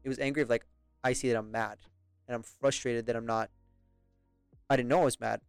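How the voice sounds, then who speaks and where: A man's voice: mid-range voice, fairly even intonation, fairly quick, creaky, clear, resonant tone, dry recording, soft background music. A young British man rambling through a story in casual podcast chat, swearing and laughing often. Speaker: podcast host.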